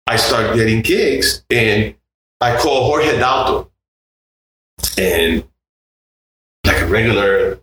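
A man's voice: takes it slowly, pauses often. Puerto Rican man telling stories in a roomy space. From Puerto Rico. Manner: animated, acts out other people's voices in high tones. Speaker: guest musician. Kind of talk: casual storytelling interview. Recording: roomy with faint background noise.

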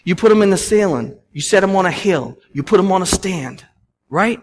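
A young man, a pastor preaching a sermon, telling stories with swings from loud to hushed. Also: high voice, animated, moderate pace. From Massachusetts.

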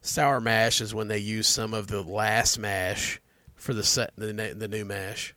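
A man's voice: lowish voice, steady tone, unhurried, bright, forceful tone, no echo. A man co-hosting a casual whiskey tasting chat, explaining terms in a plain, knowledgeable way. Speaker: whiskey reviewer co-host.

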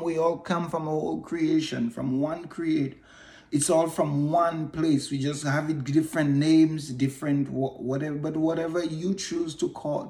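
A man in his fifties hosting his own podcast, giving an earnest, repetitive motivational talk with halting restarts. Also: on the high side, dark tone. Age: 50s. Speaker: podcast host. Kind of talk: motivational monologue. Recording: echoey room.

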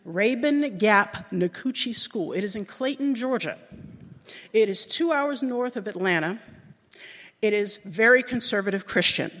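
A middle-aged woman telling a personal story to an audience, animated and acting out the voices of people she remembers. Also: normal speed, long pauses, long reverb tail. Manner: animated, acts out remembered voices with big jumps in pitch.

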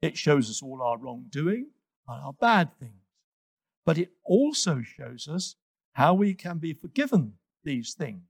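A man narrating a children's moral story and explaining its meaning gently to young listeners. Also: fairly high pitch, big pitch swings, a little slow, creaky, slightly rough, no room sound.

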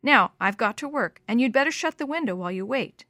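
A woman's voice: on the high side, animated, brisk, pushed and bright, dry recording, clean studio sound, voice pushed up. A woman voicing a curt, lonely old judge. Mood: gruff. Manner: curt, grudging.

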